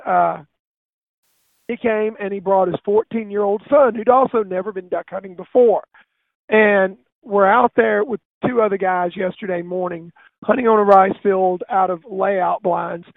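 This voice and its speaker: A man hosting a casual hunting talk show, telling a hunting story in an animated way. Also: high-pitched, gravelly, no echo. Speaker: radio show host. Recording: phone-line, dry and tinny.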